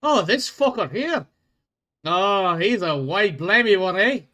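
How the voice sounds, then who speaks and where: A boisterous dwarf bounty hunter with a put-on Scottish accent, swearing freely and pleased with himself, as a man puts him on. The voice sits high and pushed, bright and loud. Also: animated, slow, exaggerated voice. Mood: gleeful. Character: gruff male dwarf bounty hunter, crude and cocky.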